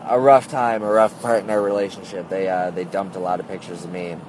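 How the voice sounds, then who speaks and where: A man's voice: low voice, little pitch movement, brisk, darkish tone, slight background noise. A man telling a story in a casual, rambling monologue, full of "like" and "uh", recorded on a phone. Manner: rambling, heavy use of "like" and "uh".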